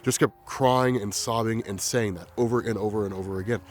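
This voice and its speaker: A man quietly telling a personal story in a halting, reflective way. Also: lowish voice, steady tone, slight background noise. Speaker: vlogger.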